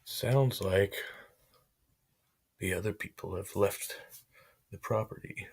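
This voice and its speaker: A man's voice: low-pitched, slow, breathy edge. A man live-streaming, chatting casually in a rambling way and swearing freely.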